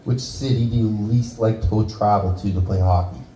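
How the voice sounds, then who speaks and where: A man's voice: fairly low pitch, fairly even intonation, brisk, warm tone, reverberant, slight background noise, poor audio. A Canadian man doing a stand-up set in a small bar, teasing the audience with crude jokes. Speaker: stand-up comedian. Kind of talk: stand-up set with crowd work.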